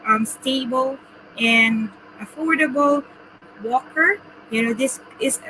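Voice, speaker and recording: A woman's voice: fairly high pitch, noisy background. A woman from the Philippines hosting a casual interview, chatty and enthusiastic with many fillers. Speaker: host.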